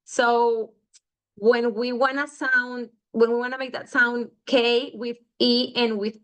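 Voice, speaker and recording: Slow, patient teacher woman. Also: fairly high pitch, level tone, a bit bright. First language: Spanish. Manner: patient, repeats syllables, corrects herself. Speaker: Spanish teacher. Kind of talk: slow syllable-drill lesson.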